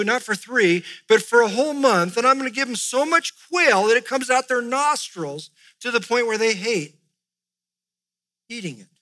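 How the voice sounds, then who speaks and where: A male pastor preaching, reading scripture aloud with rising emphasis and dropping to soft, quiet asides. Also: high voice. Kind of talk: sermon.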